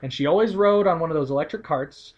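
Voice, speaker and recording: A young man co-hosting a casual comedy talk show, playful and quick to laugh. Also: a little high, dull audio. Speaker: podcast co-host.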